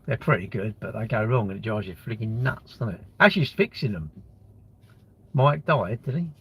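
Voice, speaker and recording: Husky man rambling on a live stream. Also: lowish voice, animated, moderate pace. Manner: rambling, blunt banter with swearing, answers chat comments. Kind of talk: casual live-stream chat.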